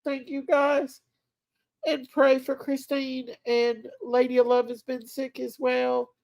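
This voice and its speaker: A woman's voice: high voice, completely flat delivery, takes it slowly, vocal fry, darkish tone, no room sound. Emotional woman on a live stream. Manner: emotional and affectionate, talking to viewers as friends. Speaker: livestream host. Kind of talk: casual live stream chat.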